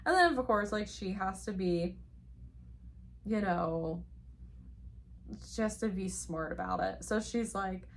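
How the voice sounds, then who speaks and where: A woman's voice: medium pitch, lively intonation, slow pace, vocal fry, long pauses, slight background noise. A woman reviewing a book she loves in a casual chat, gushing and rambling with plenty of "like" fillers.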